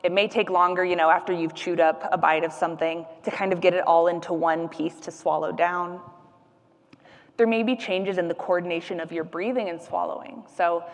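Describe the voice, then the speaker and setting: A woman's voice: lowish voice, fairly even intonation, a little fast, big-room sound. A woman speech-language pathologist giving an educational presentation, explaining patiently with frequent fillers and demonstrating sounds.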